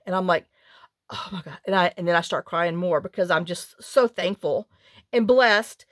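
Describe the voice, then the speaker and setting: A woman's voice: on the low side, normal speed, no echo, clean studio sound. Chatty woman telling a long story. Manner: rambling, animated, with many restarts and quoted dialogue. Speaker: craft channel host. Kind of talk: casual chatty storytelling while crafting.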